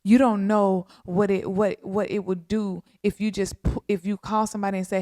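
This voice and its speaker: A woman hosting a podcast, making a heartfelt spoken appeal in a slow, earnest, pleading way with a lot of repetition. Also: mid-range voice, flat delivery, dark tone, no echo, clean studio sound. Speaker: podcast host.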